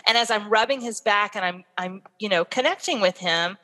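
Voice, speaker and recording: Brief: woman guest expert, animated storyteller, bright tone, long reverb. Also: mid-range voice, a little fast, hardly any pauses. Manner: animated storytelling, acts out what she says to her kids. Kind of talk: interview, explaining.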